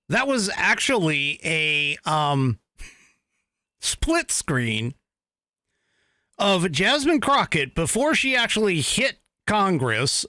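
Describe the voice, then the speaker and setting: A man hosting a podcast, giving animated, exasperated commentary with frequent laughs. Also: sits high, no room sound, studio quality. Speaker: podcast host. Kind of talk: opinionated commentary.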